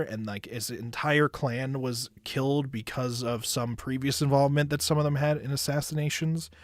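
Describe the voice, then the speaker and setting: A young American man, an anime reviewer and streamer, offers casual, rambling anime commentary that's loose and chatty, full of filler words and swearing. His voice is mid-range, with no room sound and studio-quality audio.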